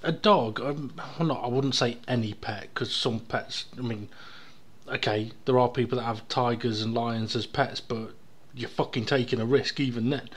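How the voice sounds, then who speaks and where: A man's voice: medium pitch, moderate pace. A British man co-hosting a podcast, musing in loose, sweary casual chat with many "I mean"s. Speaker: podcast co-host.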